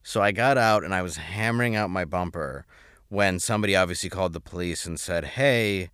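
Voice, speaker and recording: A man's voice: deep voice, quick pace, fairly bright tone, clean tone, dry recording, clean studio sound. A man guest telling a wry, self-deprecating story in casual podcast talk. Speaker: guest comedian.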